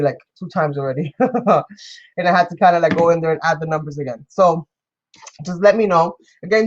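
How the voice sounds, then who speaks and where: A woman's voice: lowish voice, lo-fi sound. Effusive New woman hosting a craft stream. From New York. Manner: effusive, greets and thanks viewers by name. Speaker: craft live-stream host. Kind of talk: casual live-stream chat while crafting.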